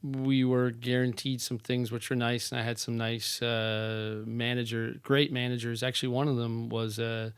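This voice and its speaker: Smooth, clear-voiced man telling stories. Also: mid-range voice, normal speed, few pauses, no room sound. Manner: animated storyteller who acts out quoted voices. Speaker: real estate company founder, guest. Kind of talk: casual interview chat. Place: podcast studio.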